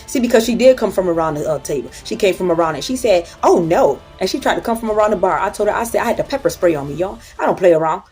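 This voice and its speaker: A woman's voice: on the low side, lively intonation, quick pace, hardly any pauses, darkish tone, faint music behind. A woman hosting a casual motivational talk, blunt and profane as she tells stories to her audience.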